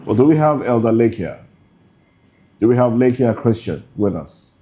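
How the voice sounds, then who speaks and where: A man hosting a live discussion, asking measured questions and repeating them slowly. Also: medium pitch, lively intonation, muffled recording, slight background noise. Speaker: host.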